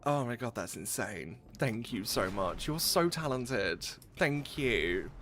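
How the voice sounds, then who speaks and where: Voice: mid-range voice, lively intonation, takes it slowly, a bit bright, soft background music. A game streamer, talking live in an effusive, exclaiming way and swearing freely.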